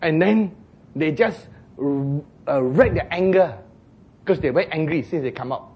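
A man preaching a sermon, telling a story with jokes, acted shouts and laughter. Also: a little high, unhurried, breathy edge.

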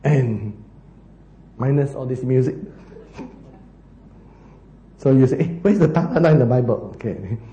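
A man preaching a sermon as pastor, telling a Bible story in an animated way with laughs and playful asides. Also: medium pitch, moderate pace, pauses often, echoey room, a little hiss or hum.

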